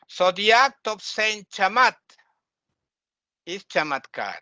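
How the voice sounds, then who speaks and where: A man's voice: high voice, animated, unhurried, bright, forceful tone, dry recording. A man teaching a spiritual lecture, explaining terms patiently and asking his listeners questions.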